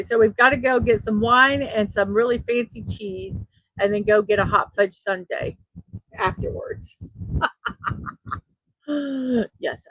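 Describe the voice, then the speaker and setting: A woman's voice: medium pitch, a bit bright, breathy edge, no room sound, poor audio. A middle-aged woman hosting a daily morning show, chatting casually and laughing at her own jokes. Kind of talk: casual solo show, reading memes aloud.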